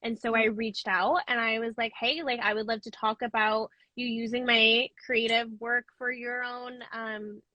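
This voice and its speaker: A woman host with a sharp, bright, fairly high voice, recorded close and dry. She chats easily and keeps affirming her guest as she asks her questions. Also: flat delivery, moderate pace, hardly any pauses, no echo, dull audio. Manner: chatty, affirming interviewer. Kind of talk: casual conversation.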